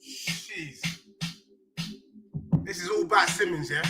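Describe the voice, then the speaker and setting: A man ranting heatedly about football in street slang, often shouting. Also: high-pitched, very animated, a little slow, over music. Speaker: football fan channel host. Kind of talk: angry fan rant with sung parody.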